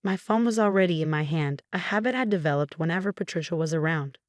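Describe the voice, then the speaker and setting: A young woman narrating a first-person story in a calm, measured way. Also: lowish voice, no room sound, clean studio sound. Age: young adult.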